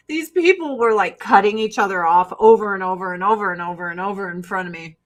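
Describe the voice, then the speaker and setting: A woman's voice: mid-range voice, moderate pace, low-quality recording. A middle-aged woman from Illinois with a Chicago-area Midwestern accent, chatting casually and profanely as a livestream host, laughing often and mimicking people. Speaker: livestream host selling skincare. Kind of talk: casual rambling chat.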